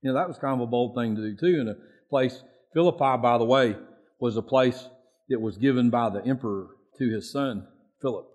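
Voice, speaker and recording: A man's voice: mid-range voice, brisk, darkish tone. Man, pastor, sermon, folksy, repetitive, raised voice for prayers.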